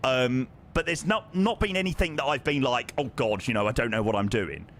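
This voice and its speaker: A man's voice: mid-range voice, animated, brisk, fairly bright tone, a little hiss or hum. A man with a London accent chatting casually on a live flight sim stream, thanking viewers and answering their questions. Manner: chatty, reads viewer names and questions aloud.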